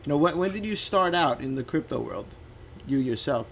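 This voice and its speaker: A man's voice: on the high side, lively intonation, fairly quick, vocal fry, fairly bright tone, slight background noise. A man hosting an internet radio interview, chatty and enthusiastic, often repeating words as he goes. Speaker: radio show host.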